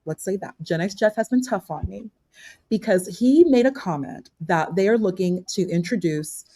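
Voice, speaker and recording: A woman's voice: mid-range voice, animated, moderate pace, warm tone, breathy edge, dry recording. A woman on a live video-call panel, talking emphatically in casual debate, repeating and restarting her sentences.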